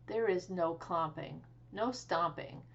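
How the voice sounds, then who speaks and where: A woman's voice: on the low side, slow, gravelly, fairly bright tone, highs cut off, heavily acted. A woman voicing a fussy, strict older male farmer in a storybook read-aloud, with a bold, exaggerated delivery. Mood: stern.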